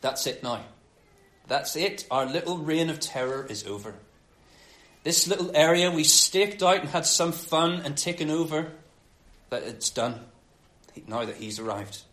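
A preacher voicing a horde of doomed demons in a roomy space, first gloomy and then begging in a high, strained voice. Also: male voice, expressive, measured pace, pauses often, a bit bright. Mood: resigned. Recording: roomy echo.

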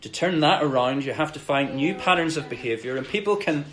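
A man's voice: fairly high pitch, a little fast, a bit bright, low-quality recording. A man preaching a sermon in an earnest, conversational way, acting out quoted lines with animation.

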